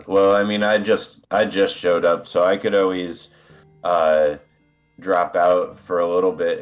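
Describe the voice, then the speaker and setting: A congested man chatting as a guest player on an online game stream, rambling and hesitant, heard through a phone on speaker. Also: sits low. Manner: rambling, relaxed, hesitant with fillers. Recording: dull lo-fi phone speaker audio.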